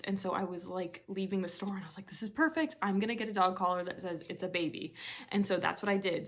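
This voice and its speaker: A woman in her late twenties vlogging casually from home, rambling excitedly with lots of "like" and "um". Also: medium pitch. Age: late 20s. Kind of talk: casual personal vlog. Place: at home in a bedroom.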